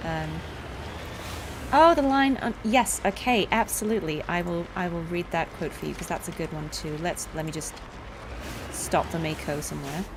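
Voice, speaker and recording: A woman voice actor with a lowish voice talks at a moderate pace through a casual let's-play, her commentary full of fillers and rambling asides. Game sounds play beneath her voice amid a noisy background.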